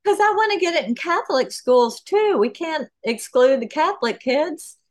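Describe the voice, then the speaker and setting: A woman being interviewed as an author on a podcast, talking through her ideas in an animated way with plenty of fillers. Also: high voice, normal speed. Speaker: author and guest.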